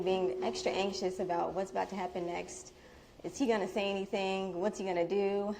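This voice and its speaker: A woman's voice: on the low side, creaky, a little hiss or hum. A young woman with a Midwestern American accent telling a personal story live to an audience in a bubble tea shop, chatty and candid. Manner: candid, chatty, with soft laughs.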